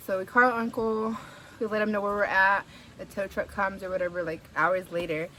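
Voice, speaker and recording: A woman's voice: mid-range voice, a little fast, slight background noise. Chatty young woman telling a story. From San Francisco Bay Area. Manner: chatty and animated, heavy "like" fillers, swears, laughs while telling. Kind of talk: casual storytime vlog.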